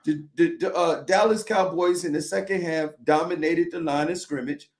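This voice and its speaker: High-voiced man giving football analysis. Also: steady tone, normal speed, a little mellow. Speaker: guest sports commentator. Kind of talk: casual sports talk.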